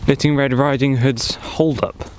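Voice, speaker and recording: A man's voice: mid-range voice, fairly even intonation, a little slow. Guy rambling and joking on a forest walk, camera mic, bit of hiss. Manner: chatty, joking, thinking aloud. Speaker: vlogger. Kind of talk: casual vlog commentary. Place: outdoors in a forest.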